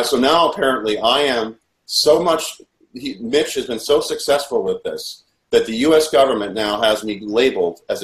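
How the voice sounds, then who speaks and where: A low-voiced man tells his story in first person, earnest and halting, often restarting his sentences. The sound rings in a roomy, echoing space. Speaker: guest telling his story. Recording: roomy echo.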